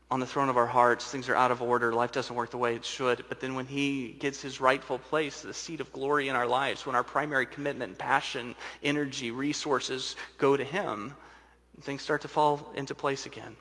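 A man preaching a sermon as pastor, swinging between booming emphasis and hushed, intimate asides. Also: fairly even intonation, moderate pace. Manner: dynamic preaching, shifting from loud to hushed. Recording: large hall with long reverb.

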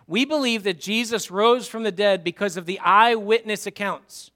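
High-voiced, bright, animated male preacher. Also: moderate pace, hardly any pauses. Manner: animated, swings from loud storytelling to hushed emphasis. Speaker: pastor. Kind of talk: sermon.

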